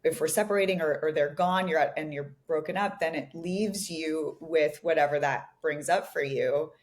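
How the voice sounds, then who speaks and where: A woman's voice: low-pitched, moderate pace, darkish tone. A woman co-hosting a podcast as a relationship coach, reflective and given to laughing and saying "like". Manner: reflective, laughs often, many fillers like "like". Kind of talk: casual podcast conversation.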